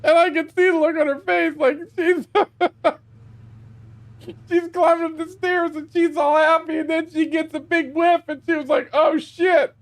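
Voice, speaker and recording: A man's voice: very high-pitched, level tone, normal speed. A gaming streamer, a man, tells a rambling, profane anecdote and laughs all through it, with lots of exclamations. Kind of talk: casual storytelling while gaming.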